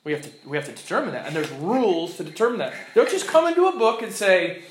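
Guy teaching a class, kinda high voice, acts out examples, echoey classroom. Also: quick pace. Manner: animated, illustrative, acts out quotes. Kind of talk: classroom lecture. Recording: echoey room with faint background noise.

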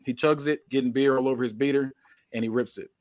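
A man's voice: medium pitch, steady tone, fast, a little mellow, dry recording, clean studio sound. A man casually recapping action step by step with many fillers, as a podcast host. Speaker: podcast host describing his booked wrestling show.

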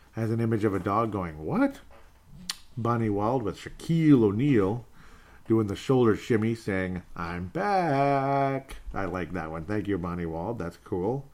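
A man hosting a sports talk show, reading out viewer comments in a relaxed way and chuckling now and then. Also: fairly low pitch. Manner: relaxed, chuckles often, trails off and restarts. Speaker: podcast host.

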